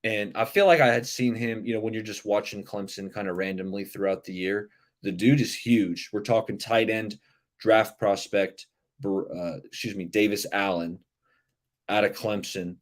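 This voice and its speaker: Male livestream sports host, lowish voice, loose rambling chat style, answers viewers as he goes. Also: normal speed. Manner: chatty, rambling, reacts to chat comments. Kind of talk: casual live-stream sports talk.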